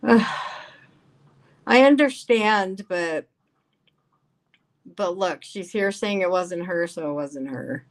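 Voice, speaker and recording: Slow-talking woman hosting a live stream. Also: on the low side. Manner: chatty, emphatic, reacts aloud to comments. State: voice getting worn. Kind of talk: casual live-stream chat, reading viewer comments aloud.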